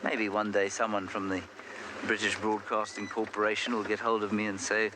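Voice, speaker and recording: Male safari host, lowish voice, chatty and wry, live outdoor feed with clear background noise. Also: flat delivery, moderate pace. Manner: chatty, self-deprecating storyteller. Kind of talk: live safari commentary, casual chat. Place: outdoors in the bush, on a game drive. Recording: noisy outdoor live broadcast.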